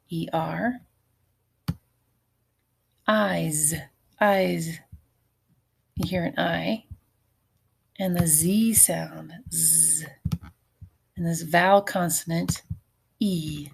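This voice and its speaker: A woman's voice: fairly low pitch, steady tone, very slow, gravelly, long pauses, slightly rough. A middle-aged woman teacher giving a recorded phonics lesson, patiently sounding out syllables and letters for her students.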